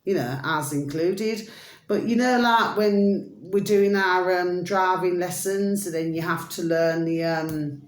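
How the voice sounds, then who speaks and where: A woman with a British accent delivers a rambling, casual monologue to camera, full of pet phrases and sing-songy asides. Her pitch is on the low side, her pace slow, and the sound roomy.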